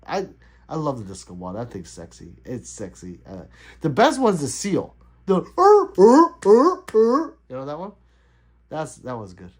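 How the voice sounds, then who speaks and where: A man's voice: fairly high pitch, creaky, husky. Middle-aged guy on a home livestream, chatty and loose, voice jumps up and down a lot. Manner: loose, laughing, chatty, reading out chat. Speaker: livestream host. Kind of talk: casual livestream chat.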